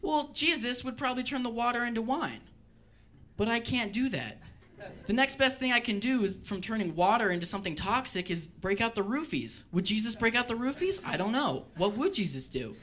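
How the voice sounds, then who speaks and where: Bright-voiced deadpan male comic. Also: very high-pitched, brisk, a little hiss or hum. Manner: deadpan, wry, rambling asides. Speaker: stand-up comedian. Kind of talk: stand-up routine. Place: comedy club stage.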